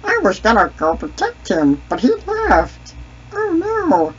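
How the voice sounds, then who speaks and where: A man voicing a goofy, excitable male alien sidekick who talks about himself in the third person while gaming, with a husky, slow but lively voice on a dull lo-fi mic. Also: sits high, full character voice. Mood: sheepish. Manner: refers to himself in third person, brash trash talk. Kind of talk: gaming commentary in a character voice.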